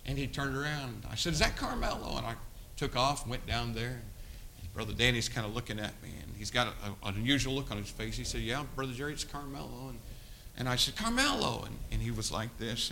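A man preaching a sermon, telling a story in low, quiet tones and then rising to loud, urgent appeals to his listeners. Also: creaky, slight background noise, rough recording. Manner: swings from hushed storytelling to loud exhortation.

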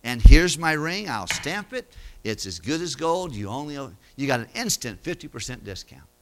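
A man's voice: medium pitch, big pitch swings, normal speed, a bit bright, voice pushed down. A man voicing an anxious middle-aged steward who mutters worriedly about losing his job. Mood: scheming.

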